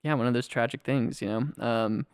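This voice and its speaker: A man co-hosting a movie podcast, chatting casually with short agreeing replies and halting restarts. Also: medium pitch, steady tone, smooth, dry recording, studio quality. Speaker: podcast co-host.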